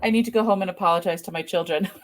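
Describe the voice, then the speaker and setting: A woman's voice: on the low side, racing. A middle-aged woman hosting a podcast interview, chatty and self-deprecating, laughing easily about her own parenting. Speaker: podcast host.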